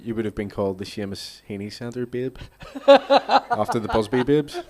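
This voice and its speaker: A man's voice: medium pitch, huge pitch swings, normal speed, crowd noise. A male poet chatting on a theatre stage, joking and hesitant, often restarting. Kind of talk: casual chat at a literary reading.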